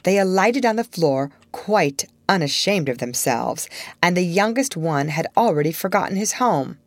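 A woman reading a children's story aloud in a measured, expressive narration. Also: fairly low pitch, no room sound. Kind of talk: audiobook narration.

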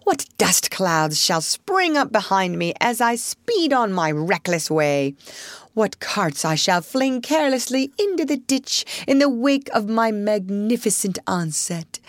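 A woman reading aloud while voicing Toad, a conceited male toad who talks in a dreamy, breathless swoon, high and slow. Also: no room sound, clean studio sound. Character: rapturous conceited male Toad, motor-car mad. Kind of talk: storybook reading.

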